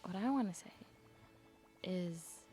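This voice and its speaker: A woman chatting to herself while she plays a video game, rambling and giggly, her voice climbing high when she gets nervous. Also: lively intonation, takes it slowly, mellow, faint music behind. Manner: rambling self-talk, giggly. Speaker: streamer. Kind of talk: casual gameplay commentary.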